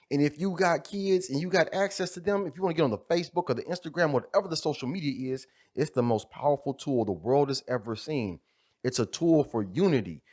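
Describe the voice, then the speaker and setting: A man's voice: a little high, a little mellow. Impassioned man preaching about fatherhood. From USA. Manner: fervent, preacher-like, repetitive refrains. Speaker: video creator speaking on fatherhood. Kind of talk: impassioned motivational monologue.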